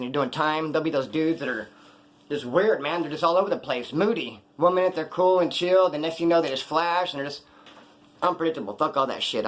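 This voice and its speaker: A man telling a story in a casual monologue, streetwise and profane, animated as he talks. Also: fairly high pitch.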